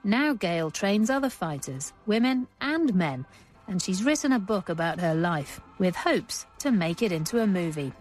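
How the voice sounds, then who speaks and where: A woman presenting and narrating a radio documentary and interviewing its guest, with a measured, composed delivery. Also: medium pitch, big pitch swings, soft background music.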